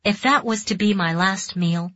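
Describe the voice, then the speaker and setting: A woman's voice: mid-range voice, normal speed, a bit bright, close to an everyday voice. A woman voicing a guarded, wry young woman held captive. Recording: dull dry audiobook recording.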